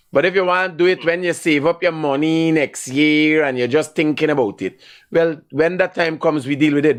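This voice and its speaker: A middle-aged man with a Guyanese accent hosting a live call-in show, talking bluntly and growing heated as he scolds a caller. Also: on the high side. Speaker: host taking calls.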